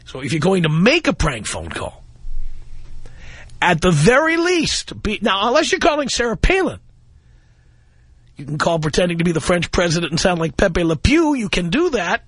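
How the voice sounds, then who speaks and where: Man, radio host, high pitch, wry and mocking, dry close studio sound. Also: big pitch swings, moderate pace, fairly bright tone, breathy edge, no echo. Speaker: radio talk show host. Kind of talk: call-in talk radio. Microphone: close studio mic.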